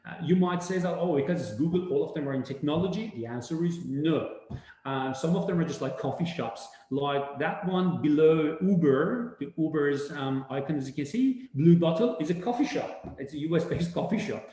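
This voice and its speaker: A man's voice: a little high, moderate pace. Echoey, rambling man. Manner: animated, rambling with many fillers and restarts. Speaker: webinar speaker. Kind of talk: casual presentation talk. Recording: very echoey room.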